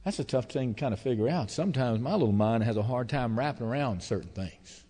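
A man preaching a sermon as pastor, telling stories in a folksy, emotional way that swings between loud and hushed. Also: mid-range voice, expressive, fast. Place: church sanctuary. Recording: long hall reverb.

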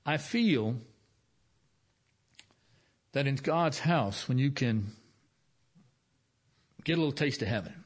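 A middle-aged male pastor giving a folksy, conversational sermon, slowing down with soft emphasis and long pauses. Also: medium pitch, lively intonation.

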